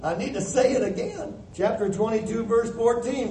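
A man with a high but mellow voice preaches a plain-spoken sermon, working through verses and acting out the voices he quotes. He sounds distant from the mic in a roomy church hall with a faint hiss behind him. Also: a little fast, few pauses.

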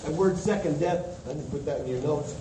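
A high-pitched man preaches with fervor, stressing each verse he quotes. His voice is mellow and set back from the mic. The room is echoey, with a faint hiss behind it. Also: brisk, distant mic. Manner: emphatic, quotes scripture with rising fervor. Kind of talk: sermon.

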